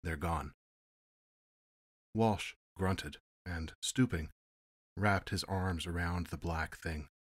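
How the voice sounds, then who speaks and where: A man narrating an audiobook in a measured, steady storytelling manner. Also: low-pitched, dry recording, clean studio sound. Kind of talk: audiobook reading.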